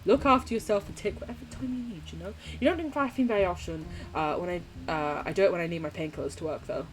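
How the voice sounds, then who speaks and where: Talking fast in a lowish voice, with a little hiss or hum on the recording, a young British woman plays a game on stream. She chats casually with her viewers and reads their messages, cursing freely and laughing a lot.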